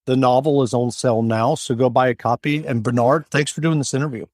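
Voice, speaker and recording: A man's voice: mid-range voice, fairly even intonation, brisk, darkish tone, no echo. Podcast host guy, casual, trips over words a bit, dry close mic. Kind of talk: interview podcast.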